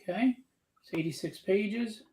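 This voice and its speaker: A man with a notably high speaking voice hosts a live drawing stream in easy, chatty fashion. He banters and cracks jokes, drifting off on tangents before circling back to plug his project. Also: a little slow, darkish tone, slight background noise. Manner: chatty, joking, promotes his book between tangents. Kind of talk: casual live-stream chat.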